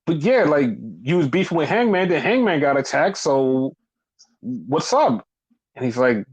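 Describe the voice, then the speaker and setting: A man hosting a podcast, casually recapping wrestling in a profane, animated way and acting out what people said. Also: a little high, unhurried, husky, rough recording. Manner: animated, profane, acts out quoted lines. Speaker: podcast host.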